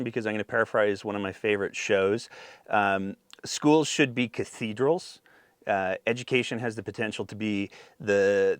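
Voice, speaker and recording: A man's voice: on the low side, a bit bright, dry recording. A man hosting a podcast, casual and joking with his guest, then reading the outro. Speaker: podcast host.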